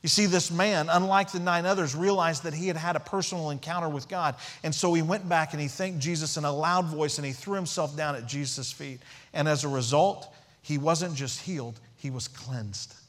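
A man's voice: a little high, normal speed, few pauses, fairly bright tone. A man preaching a sermon as pastor, emphatic, repeating key phrases and asking rhetorical questions.

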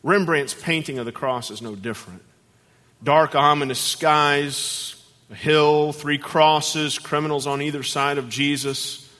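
A man preaching a sermon as guest pastor, animated and acting out voices in his stories. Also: a little high, unhurried, big-room sound. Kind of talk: sermon with storytelling.

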